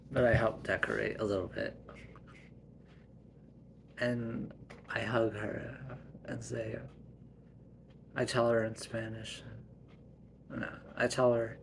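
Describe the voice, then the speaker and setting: A man improvising a family story, softly spoken and sometimes dropping to a whisper. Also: fairly low pitch, level tone, slow, creaky, pauses often, slight background noise.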